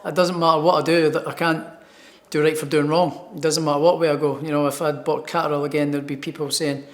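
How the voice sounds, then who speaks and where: A man's voice: a little high, level tone, fast. A man with a Scottish accent, a professional boxer answering interview questions in an upbeat way and repeating words as he starts his thoughts. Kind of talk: sports interview.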